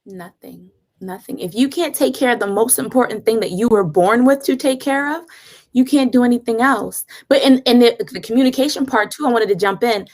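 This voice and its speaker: A woman's voice: on the high side, brisk, darkish tone. A woman in her thirties, a guest therapist, telling earnest stories about parenting in a casual chat. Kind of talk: casual conversational interview.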